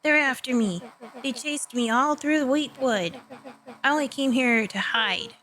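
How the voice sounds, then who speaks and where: A woman's voice: high-pitched, a little slow, fairly bright tone, low-quality recording. Woman doing bitter sarcastic monster boy, resentful, sludge creature, game read-aloud.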